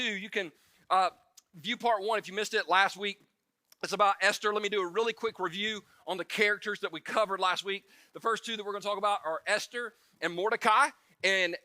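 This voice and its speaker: A male pastor delivers a relaxed, joking sermon full of quick asides and restarts, voicing the story's characters in fast little voices. His tone is high-pitched, bright and forceful, and the recording is dry.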